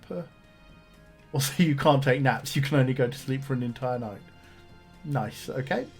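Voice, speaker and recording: A man of middle pitch chats through a video game stream, reading the game's text aloud and dropping easygoing comments between lines. Faint guitar music plays softly underneath. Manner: chatty, reads on-screen text aloud with asides. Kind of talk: casual game let's-play commentary.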